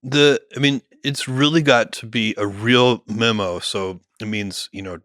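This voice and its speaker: A middle-aged man talking in a relaxed podcast conversation, measured and thinking aloud with many fillers and restarts. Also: medium pitch, no echo, studio quality. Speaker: guest, company founder.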